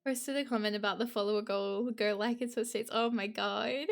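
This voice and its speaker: A woman's voice: fairly high pitch, fairly even intonation, a little fast, faint music behind. Giggly young woman streamer. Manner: giggly, emotional, talks to chat. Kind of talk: casual live-stream chat.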